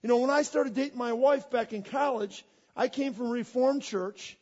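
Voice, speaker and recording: A man preaching a sermon as a pastor, leading a prayer and then telling joking, animated stories. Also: very high voice, normal speed, dull audio.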